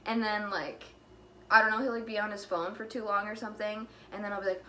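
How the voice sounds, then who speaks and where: A woman's voice: mid-range voice, fairly even intonation, fast, sharp tone. Chatty young woman, breathless vlog. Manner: chatty, many fillers like "like" and "you know". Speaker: vlogger. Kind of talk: casual rambling vlog.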